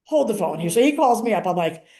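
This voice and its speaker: A woman's voice: mid-range voice, lively intonation, quick pace, mellow, echoey room. An older woman giving a casual spoken training, chatty and acting out the conversations she describes. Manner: chatty, acts out quoted conversations. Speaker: activist and paralegal giving a training.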